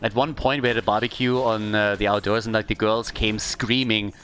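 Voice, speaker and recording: A man casting a live video game match, talking casually, swearing freely and breaking into animated stories. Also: fairly low pitch, fairly quick, a little hiss or hum. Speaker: esports caster.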